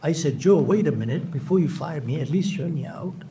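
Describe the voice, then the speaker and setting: An older man giving an animated motivational keynote to an audience, acting out the people in his stories. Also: on the high side, brisk, distant mic, a little hiss or hum. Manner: animated, addresses audience as folks, acts out quoted people. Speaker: motivational speaker. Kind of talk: keynote speech with storytelling. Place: large auditorium with audience.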